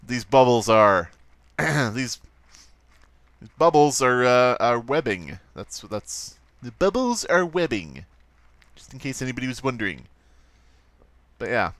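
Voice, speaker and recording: A man's voice: mid-range voice, fairly bright tone, dry recording. A man hosting a let's play, giving rambling, profane, wry commentary over gameplay.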